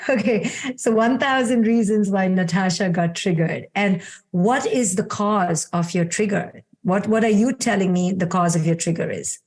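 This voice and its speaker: Calm, affirming woman psychologist. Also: medium pitch, normal speed, hardly any pauses. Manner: calm, affirming, repeats "beautiful". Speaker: clinical psychologist and guest. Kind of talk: guiding a coaching exercise in conversation.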